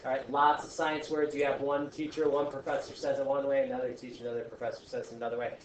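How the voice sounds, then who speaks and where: A man teaching a science class, talking in a chatty, joking way with animated asides to his students. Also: medium pitch, quick pace. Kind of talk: classroom lesson. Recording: echoey classroom from far off.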